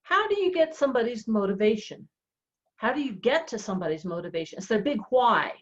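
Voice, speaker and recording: A woman real estate coach explaining a coaching method in an animated, chatty way. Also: a little high, fairly quick. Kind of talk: coaching talk on a podcast. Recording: dull lo-fi sound.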